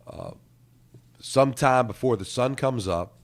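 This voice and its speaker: A man's voice: medium pitch, unhurried. A middle-aged man, hosting sports talk radio and rambling, repeating words as he thinks.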